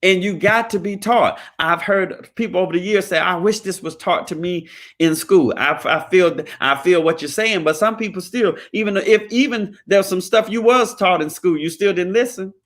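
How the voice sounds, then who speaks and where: A man's voice: sits high, normal speed, fairly bright tone. A man, talking in a preachy, emphatic, folksy way, giving motivational talk about credit. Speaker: credit repair business owner.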